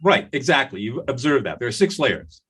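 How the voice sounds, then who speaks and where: An older man, a conflict mediator, talking in a podcast interview and telling stories with lively acted-out quotes. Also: mid-range voice, fairly quick, slightly rough. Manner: animated storyteller, acts out quoted voices.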